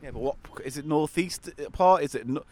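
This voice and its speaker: A man's voice: on the high side, brisk, a little mellow. A man in casual, sarcastic banter while walking outdoors in a city park.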